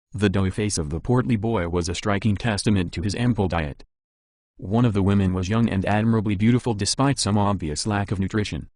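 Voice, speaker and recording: A male narrator reads an action audiobook in a measured, even style. His voice sits on the low side and the recording is dry and close. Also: no echo. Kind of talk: scripted narration.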